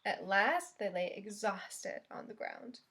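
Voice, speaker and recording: Slow, expressive storytime reader woman. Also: mid-range voice. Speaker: children's librarian. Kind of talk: reading a picture book aloud to children.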